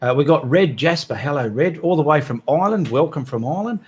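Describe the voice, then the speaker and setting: A man's voice: a little high, animated, fast talker, breathy edge. A man hosting a live art stream, chatting casually and reading out viewers' names with friendly asides.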